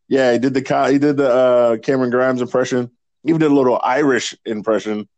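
A man's voice: medium pitch, a little fast, a little mellow, no echo. A man co-hosting a casual wrestling podcast, crude and rambling, laughing often. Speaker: podcast co-host. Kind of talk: casual profane chat about wrestling.

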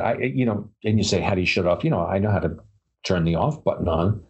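A man's voice: on the low side, lively intonation, fairly quick, a little mellow, slightly rough. A man co-hosting a casual chat about paranormal stories, rambling with many fillers and restarts. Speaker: podcast co-host.

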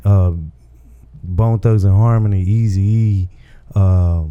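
A man's voice: on the low side, steady tone, slow pace, clear, resonant tone, narrow, tinny audio. A man from Texas, a comedian guest, chatting casually and telling rambling stories, often adding "you know what I'm saying". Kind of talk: casual podcast chat.

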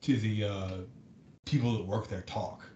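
A man's voice: measured pace, warm tone, dull audio. A man from the American South co-hosting a podcast in casual chat, rambling through his stories with lots of restarts and ums. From Southern United States. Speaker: podcast co-host. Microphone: desk microphone. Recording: echoey room with faint rumble.

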